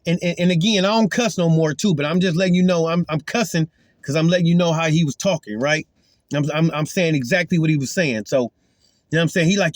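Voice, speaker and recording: A man's voice: fairly high pitch, fairly quick, dry recording, clean studio sound. A man giving an earnest, emphatic spoken testimony as a Christian, retelling a confrontation in casual talk.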